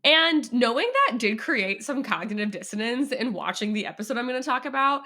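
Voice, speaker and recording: Bright chatty woman podcast host. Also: on the high side, animated, a little fast. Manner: chatty, self-interrupting, laughs often. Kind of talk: casual podcast chat.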